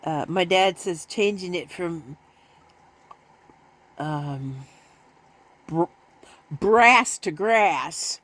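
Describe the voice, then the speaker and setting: A woman's voice: very slow, pauses often, fairly bright tone. Woman vlogger, rambling casual chat, laughs a lot, coos at pets. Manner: rambling, talks to her pets in a high baby voice; laughs often.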